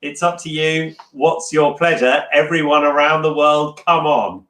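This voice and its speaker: A man hosts a relaxed home quiz, reading out answers and lyrics in a loud, booming way. His voice sits a bit high for a man. The sound bounces around a roomy space. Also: measured pace. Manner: loud, reads song lyrics aloud with a laugh. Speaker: quiz host. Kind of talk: casual livestream quiz.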